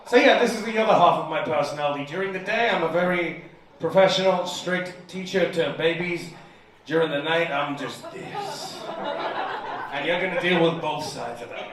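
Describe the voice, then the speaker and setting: A young man from the United Kingdom performing a crude, self-mocking stand-up comedy set in a bar, often laughing through his punchlines. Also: on the high side. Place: comedy bar with a live audience. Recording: echoey room, mic heard from a distance. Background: room ambience and audience noise.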